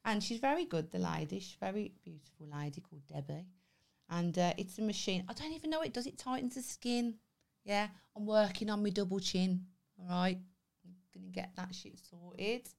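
A woman's voice: medium pitch, a little fast, vocal fry, a little mellow. A woman with a Scouse accent co-hosting a casual podcast chat, chatty and teasing with some swearing. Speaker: podcast co-host.

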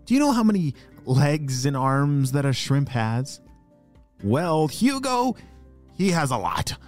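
A man narrating a children's story, animated and talking directly to young listeners with questions. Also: a little high, takes it slowly, soft background music.

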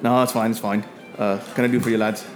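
A man voicing a gruff old male dwarf fond of his ale, in a tabletop game. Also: lowish voice, little pitch movement, fast talker, over music, lightly acted.

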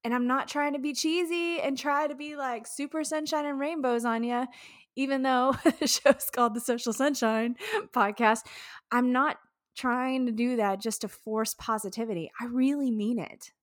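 Woman, podcast host, solo talk, frank and emotional, swears freely, slightly high voice. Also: fairly even intonation, normal speed, no echo, clean studio sound. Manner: candid and heartfelt, freely swearing; emotional, speaks of tears.

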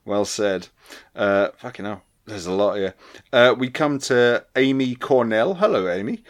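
A man's voice: fairly low pitch, animated, unhurried. A man co-hosting a podcast, reading out listener comments, laughing often, stumbling over restarts and swearing casually. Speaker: podcast co-host.

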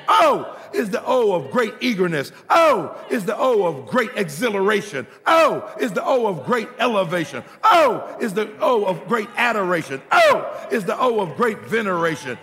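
A man preaching a sermon in a church, often shouting and building rhythmic repeated lines, with a gravelly voice. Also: high-pitched, very animated, normal speed, few pauses. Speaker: pastor. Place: church sanctuary. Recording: long reverb of a large hall.

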